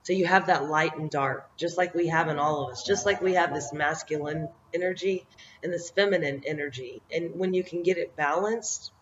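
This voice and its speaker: A woman's voice: sits low, normal speed, slight background noise. Reflective middle-aged woman, dull lo-fi audio. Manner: reflective, meandering, often laughing at herself. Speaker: vlogger giving life encouragement. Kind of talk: motivational talk to camera.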